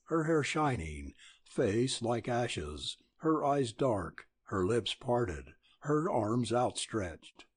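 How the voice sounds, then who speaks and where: A male audiobook narrator reading in a measured, expressive way, slow and unhurried. His voice is husky, with a lively rise and fall in pitch, and sounds close and dry. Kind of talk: scripted narration.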